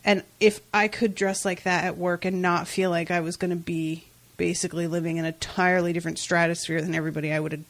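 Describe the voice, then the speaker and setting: A woman chatting casually on a podcast, animated, swearing and laughing as she acts out scenes. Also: on the low side, quick pace. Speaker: podcast co-host. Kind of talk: casual recap chat.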